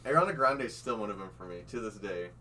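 A man's voice: lowish voice, animated, fast, sharp tone, slight background noise. A young man in casual chat, laid-back with dry asides. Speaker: podcast co-host. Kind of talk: casual chat among friends.

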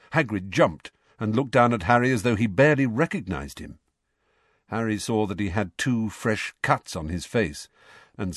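A man with a lowish voice narrates an audiobook in an expressive, storytelling style. The recording is clean studio sound with no room echo.

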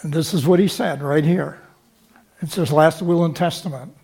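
A man's voice: fairly high pitch, normal speed, creaky, a little mellow, slight background noise. A man preaching a sermon, teaching from scripture and checking in with the congregation through short rhetorical questions.

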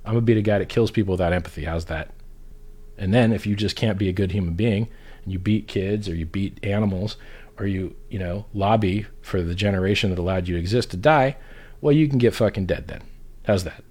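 A man with a low-pitched voice holds forth in a blunt, heated rant, swearing at every turn. It sounds like a loose, unscripted talk show, with him doing most of the talking. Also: a little fast, a little mellow. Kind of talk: casual profane rant.

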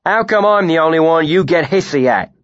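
A man's voice: on the high side, animated, fairly quick, a bit bright, no echo, pitched above the performer's own voice. A man doing a surly, grumbling mercenary. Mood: combative. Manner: grumbling, combative. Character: surly, indignant young male mercenary. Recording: dry, slightly muffled studio recording.

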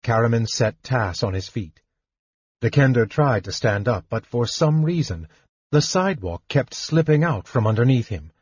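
A man narrating a fantasy audiobook in a measured, expressive storytelling manner. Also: medium pitch, slightly rough, no room sound. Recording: dull lo-fi dry recording.

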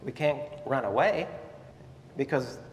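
A man preaching in a long-reverberant church hall, his voice set in mid pitch for a man. He tells the story with lively, animated emphasis and keeps turning to his listeners with questions. A faint murmur of room ambience sits beneath him. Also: a little slow, a little hiss or hum. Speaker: pastor. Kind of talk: Sunday morning sermon.

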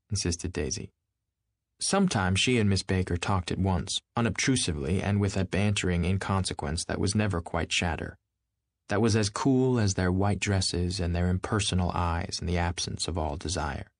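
A man narrating a classic novel as an audiobook in a measured, even manner. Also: sits low, creaky, dry recording. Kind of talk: scripted literary narration.

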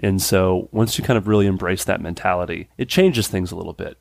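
A man in his thirties, a character actor and improviser, chatting casually as a podcast guest, animated and laughing often, with many "like" fillers and sudden pitch jumps when he acts out what people say. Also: fairly quick, vocal fry, no echo. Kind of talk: casual podcast interview chat.

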